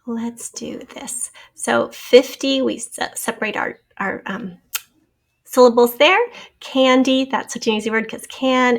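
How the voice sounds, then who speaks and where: Patient woman teacher spelling out words. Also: a little high. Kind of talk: giving a spelling test and answer key.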